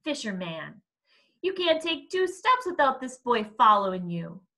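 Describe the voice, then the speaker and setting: A woman's voice: fairly high pitch, sing-song, unhurried, pushed and bright, exaggerated voice. A woman reading aloud, voicing a mocking teenage boy bully in a storybook. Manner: mocking, jeering.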